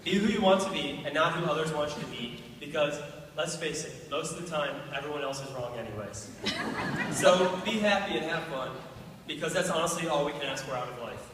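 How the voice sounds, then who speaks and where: A teenage boy giving a graduation speech with dry, deadpan humor. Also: on the high side, brisk, noisy background. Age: teens. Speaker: graduating student speaker. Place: large hall. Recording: echoey hall from far off.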